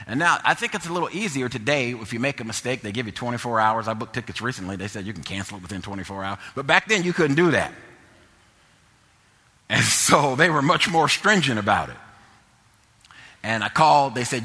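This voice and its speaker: A man preaching a sermon through a personal story, dropping to low murmurs and rising to loud exhortation. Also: lively intonation, fast, breathy edge, big-room sound.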